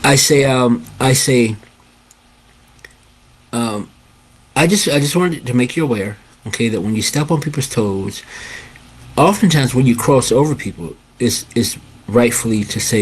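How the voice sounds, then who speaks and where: Husky older man telling a story. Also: mid-range voice, normal speed, long pauses. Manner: animated, keeps asking "okay?" and addressing "guys". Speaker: host. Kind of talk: casual storytelling to camera.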